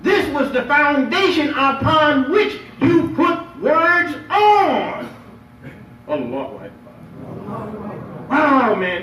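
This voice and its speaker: A man preaching a lively Friday sermon as imam, playful and emphatic, drawing responses from the congregation. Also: very high-pitched, drawn-out words, slight background noise. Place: mosque prayer hall. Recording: echoey hall, picked up from far off.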